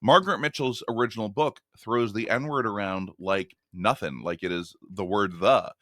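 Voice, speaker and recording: Bright-toned New Jersey man, chatty guest. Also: lowish voice, normal speed, no echo, clean studio sound. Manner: talkative, explanatory, with many fillers and restarts. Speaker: podcast guest, media critic. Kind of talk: casual conversation.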